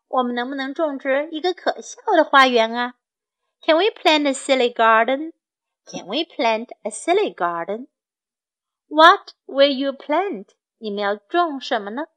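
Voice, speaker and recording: High, slow woman reading to kids. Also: fairly bright tone, lo-fi sound. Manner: slow, clear, repeating phrases for learners. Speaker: storyteller and English tutor for children. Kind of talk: bilingual storybook reading for children.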